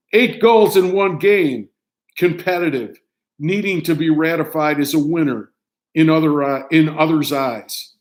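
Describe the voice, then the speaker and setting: Older American man, somewhat high voice, reads his own essay in clipped, deliberate phrases. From United States. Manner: measured, declamatory reading in short phrases. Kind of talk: reading a personal essay aloud.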